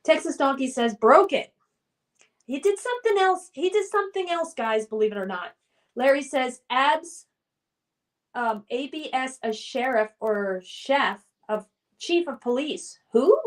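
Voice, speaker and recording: A woman's voice: high-pitched, lively intonation, measured pace. A woman hosting a casual livestream trivia game, chatting and reading viewer comments aloud before answering them. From United States. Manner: chatty, reads chat names then responds.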